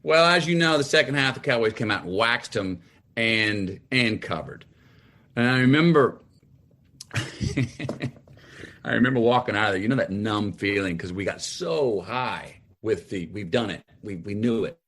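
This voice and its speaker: A middle-aged man, a podcast guest, telling a long story with lively, drawn-out delivery. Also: lowish voice. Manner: lively, drawn-out storyteller who acts out scenes. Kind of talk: animated storytelling in a podcast chat.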